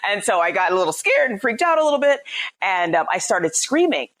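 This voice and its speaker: A woman's voice: mid-range voice, sing-song, brisk, a bit bright. A middle-aged woman, a psychologist and parenting coach, explains her ideas in a conversational podcast interview and keeps checking in with "right?".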